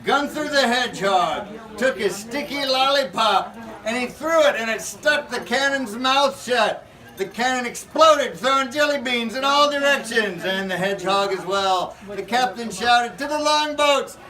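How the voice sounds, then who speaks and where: A man's voice: extremely high pitch, measured pace, bright, forceful tone. A man improvising a silly comic story with an audience, playful and often laughing mid-sentence, outdoors at a faire. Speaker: costumed pirate storyteller at a faire. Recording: distant, noisy outdoor faire recording.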